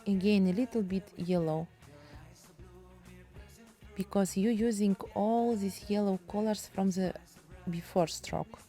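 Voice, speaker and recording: Female art teacher, Russian accent, unhurried chatty delivery in broken English, soft music underneath. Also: medium pitch. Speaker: painting teacher. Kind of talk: casual painting tutorial.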